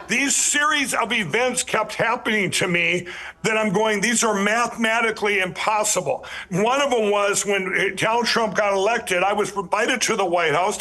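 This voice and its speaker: A man's voice: high-pitched, bright, forceful tone. A man telling his life story as a podcast guest, earnest and emphatic, rambling with many restarts and repeated words. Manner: earnest, emphatic storyteller who addresses listeners directly.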